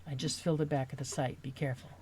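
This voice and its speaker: A woman reading aloud, voicing a large, kind logging truck driver who speaks gently and reassuringly. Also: rumbling low, level tone, rapid-fire, slight background noise.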